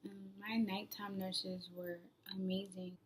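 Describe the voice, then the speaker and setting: A young woman telling her own story in a casual vlog, rambling with lots of "like" fillers and sometimes dropping to a soft near-whisper. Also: mid-range voice, flat delivery, unhurried, a little hiss or hum. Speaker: new mother vlogger.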